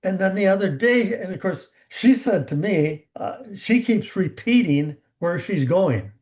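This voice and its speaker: A man giving a motivational coaching talk on a team call, animated, acting out the conversations he retells. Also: sits high, unhurried, highs cut off. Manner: animated storyteller who acts out quoted conversations.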